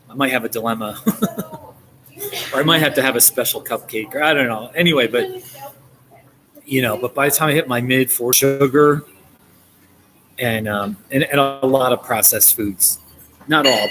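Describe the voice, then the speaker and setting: On a casual live stream, a US man in his forties answers what viewers write, laughing a lot, his mid-range voice jumping higher whenever excitement hits. There's noise in the background.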